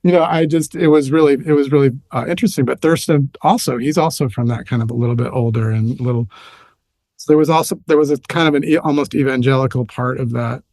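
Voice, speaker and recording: A man's voice: medium pitch, steady tone, quick pace, darkish tone, no room sound. A middle-aged man telling stories in a casual chat as a podcast guest, rambling and restarting often, livening up as he recalls things.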